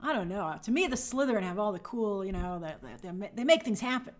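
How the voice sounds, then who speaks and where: A woman hosting a livestream chats casually and cheerfully reads out viewer comments. Her medium-pitched voice is lively in intonation and fast.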